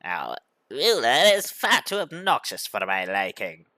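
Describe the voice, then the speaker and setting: A man's voice: medium pitch, wildly swooping pitch, measured pace, bright, forceful tone, no room sound, studio quality, exaggerated voice. A man voicing a haughty slime harpy queen in a game.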